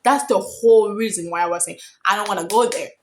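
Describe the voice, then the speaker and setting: A young woman from Africa telling a story in a casual vlog, chatty and excitable, getting loud when thrilled. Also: mid-range voice, fast talker, slight background noise. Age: young adult. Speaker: vlogger.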